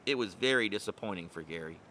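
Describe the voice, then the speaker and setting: A man reading a picture book aloud in a lively, expressive storytelling manner. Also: sits low, fast. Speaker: reader.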